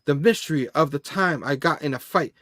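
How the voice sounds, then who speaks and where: A man's voice: a little high, fairly quick, a bit bright, no echo, studio quality, close to an everyday voice. A man voicing a silly, boastful male superhero who narrates his own adventures theatrically. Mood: storytelling. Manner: goofy, theatrical.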